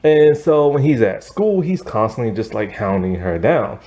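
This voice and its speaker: A man giving a casual spoken movie review, rambling and animated, filling his talk with "like" and "you know". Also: moderate pace. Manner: animated, pitch jumps up often.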